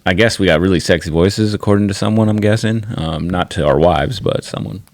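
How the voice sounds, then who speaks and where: A man's voice: sits low, fairly quick, dry recording. A man co-hosting a podcast in casual chat, rambling and swearing freely. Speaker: podcast co-host.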